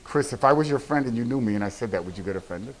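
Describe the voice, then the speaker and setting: A man filming casual street interviews on a campus, asking loud, teasing, goading questions. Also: medium pitch, animated, rapid-fire.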